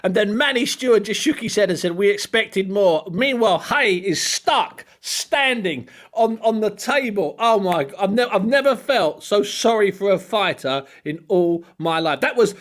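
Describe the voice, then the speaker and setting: A man, co-hosting a casual chat and telling stories with animated laughter. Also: sits high. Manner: animated storyteller, laughs often. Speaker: podcast co-host.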